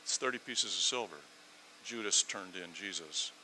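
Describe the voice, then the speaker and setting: A man preaching a sermon, animated, swinging from loud emphatic lines to quiet asides, with sarcastic rhetorical questions. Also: deep voice, moderate pace, slight background noise, rough recording.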